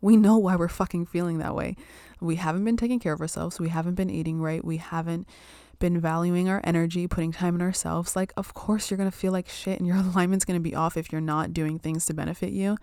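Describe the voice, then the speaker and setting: A young woman talks in a loose, rambling way, peppering her speech with "like", "um" and the odd swear word. Her voice sits a little low for a woman. It is recorded close and dry, with no room sound. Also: fairly even intonation, a little fast, few pauses, warm tone, no room sound. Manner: chatty, full of "like" and "um", swears casually. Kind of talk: casual spiritual self-care chat.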